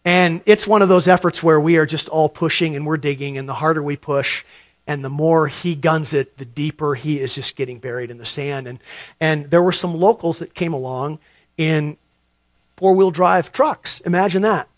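Middle-aged pastor preaching, swelling emphasis. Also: male voice, on the high side, normal speed, dry recording. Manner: storytelling, repeats words when building up, swells louder for emphasis. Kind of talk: sermon.

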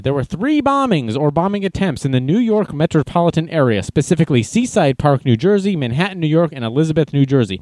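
A man's voice: fairly high pitch, big pitch swings, fast, few pauses, darkish tone, no room sound. A man casually reading news aloud and adding wry, jokey asides as an online commentator.

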